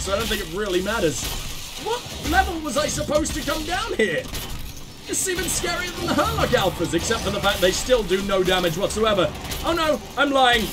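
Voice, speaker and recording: Flustered high-voiced male gamer. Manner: flustered, swears casually. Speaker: gaming channel host. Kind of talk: gameplay commentary.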